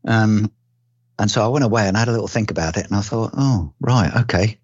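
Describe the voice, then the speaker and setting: A very deep-voiced older man from England talks through his years as a detective, pausing on ums and restarting his sentences. He keeps a dry sense of humour throughout. The recording is dull and lo-fi with a dry, close sound. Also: fairly even intonation, husky, dry recording. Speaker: retired police detective. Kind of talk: relaxed oral-history recollection.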